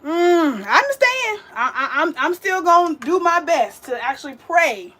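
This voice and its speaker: Talking straight to viewers as she cooks, a young woman hosts a casual vegan livestream with a chatty, sassy manner. Her voice is high-pitched, expressive, bright and forceful, at a moderate pace.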